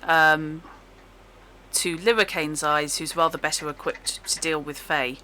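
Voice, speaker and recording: A woman running a tabletop game and describing the scene with a wry touch. Her voice is low-pitched and very bright. Faint room noise sits underneath. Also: fairly even intonation, a little slow. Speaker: game master.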